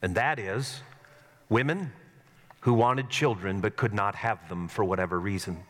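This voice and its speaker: A man's voice: fairly low pitch, measured pace. A middle-aged man, a pastor, preaching a sermon in a church sanctuary, telling stories in an earnest way with self-mocking humor. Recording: long hall reverb.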